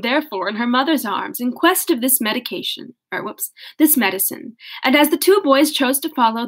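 A woman's voice: fairly high pitch, fairly bright tone. A young woman reading a classic novel aloud, casually, correcting her slips and breaking off into laughing asides. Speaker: audiobook reader.

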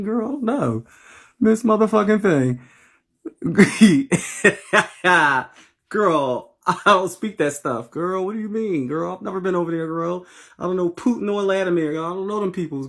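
A woman's voice: on the low side, animated, unhurried, creaky. A woman from Philadelphia hosting a casual late-night livestream, sassy and playful, with slangy, profane banter as she thanks her viewers, talking into a phone. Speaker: livestream host. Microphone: phone livestream app.

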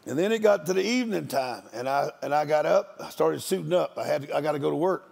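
A man's voice: a little high, fast, vocal fry, a little mellow. An older man, a guest preacher, giving a storytelling sermon in a folksy, joking country manner.

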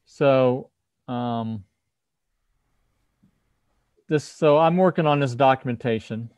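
This host, a firmware developer, takes it slowly in a casual livestreamed tech talk over video call, often restarting sentences as he explains. His medium-pitched voice is a little mellow, clear, and resonant, in a dry recording.

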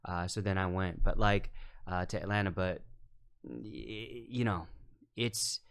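A man with a fairly low voice talks through his craft in a loose, unhurried podcast chat. His speech is thoughtful and full of "you know" and "like". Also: gravelly, fairly bright tone, clear, resonant tone. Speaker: film director guest.

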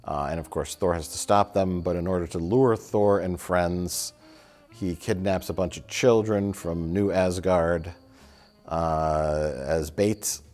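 A man's voice: low-pitched, steady tone, takes it slowly, a little mellow. A man co-hosting a film review show, talking in a rambling casual way with fillers and swearing. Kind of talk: casual chat.

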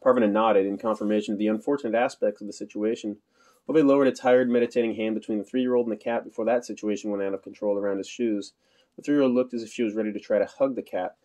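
A man's voice: fairly low pitch, steady tone, quick pace, a little mellow. A man narrating an audiobook in a dry, understated storytelling manner. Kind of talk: scripted narration.

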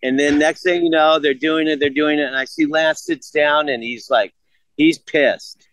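A man's voice: a little high, normal speed, no room sound, low-quality recording. Older man telling a profane story. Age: 60s. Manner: profane, animated retelling of a story with quoted dialogue. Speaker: podcast guest. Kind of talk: casual storytelling.

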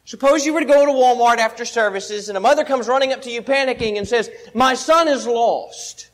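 A preacher delivers a sermon to his congregation in a notably high voice for a man. He talks earnestly, laying out his argument point by point and leaning on plain everyday examples. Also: quick pace, poor audio. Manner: earnest, explains step by step with everyday illustrations. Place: church service.

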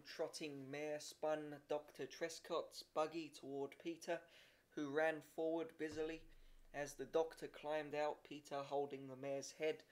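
A man reading a short story aloud in a steady amateur audiobook style, with occasional slips and restarts. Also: fairly high pitch. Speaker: reader.

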